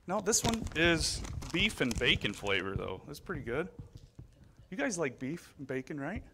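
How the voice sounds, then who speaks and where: A man's voice: fairly high pitch, big pitch swings, moderate pace, pushed and bright, slight background noise. A man leading a children's message in church, joking and teasing with the kids in a playful way.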